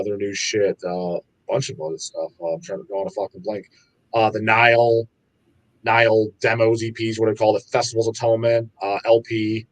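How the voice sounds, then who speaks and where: Speaking at a fairly low pitch, a record label guest on a podcast keeps things casual. His chat is lively and full of swearing, and he acts out how he reacted.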